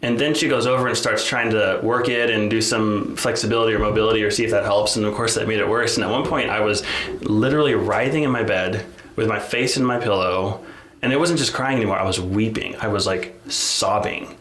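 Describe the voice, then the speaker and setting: A man's voice: lowish voice, steady tone, a little fast, fairly bright tone. A man co-hosting a podcast, telling a personal story in casual, candid chat full of restarts and "like". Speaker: podcast co-host. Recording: roomy echo, faint noise.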